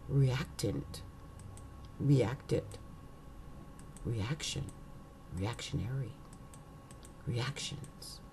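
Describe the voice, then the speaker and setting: A woman's voice: very deep voice, gravelly, darkish tone, slight background noise. A woman hosting an astrology video, talking casually to her viewers and playfully running through a long list of words with musing asides. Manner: playful, drawn-out word listing with musing asides.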